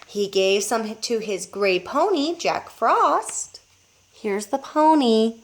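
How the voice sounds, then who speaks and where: A teacher reading a children's book aloud to young pupils, pausing to show the pictures. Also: female voice, a little high. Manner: expressive, showing pictures as she reads.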